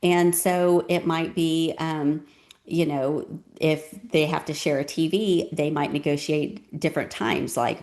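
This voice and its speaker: A woman's voice: sits low, steady tone, measured pace, a little mellow. A woman giving parenting advice in a casual, conversational talk, often saying "um" and "you know.".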